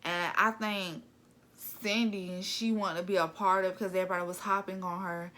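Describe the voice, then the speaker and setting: A woman in her twenties, a vlogger, casually retelling drama in a blunt, gossipy, animated way. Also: lowish voice, moderate pace. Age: 20s. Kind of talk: casual storytelling vlog.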